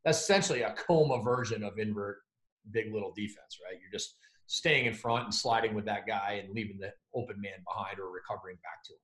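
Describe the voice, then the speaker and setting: A man's voice: fairly low pitch, a little fast, a bit bright. A male podcast host asking questions in a hesitant way, with many fillers. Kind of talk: casual podcast conversation. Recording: roomy echo.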